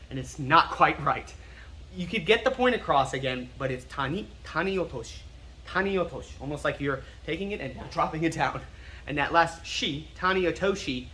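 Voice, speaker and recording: A slightly high, forceful American man teaching in a casual, explanatory way, repeating words over and over to drill them. He is nerdy and keen on the details, and faint room noise sits behind his voice. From United States. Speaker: martial arts instructor. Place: martial arts school.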